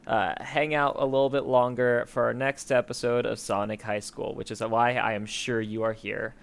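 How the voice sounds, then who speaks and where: A man's voice: medium pitch, flat delivery, moderate pace, creaky. Young man in playful podcast banter. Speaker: podcast co-host. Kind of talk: casual chat.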